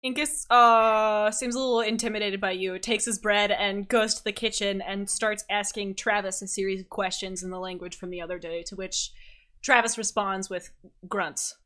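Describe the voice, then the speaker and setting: A woman narrating a tabletop game as game master, lively and quick to laugh. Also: medium pitch.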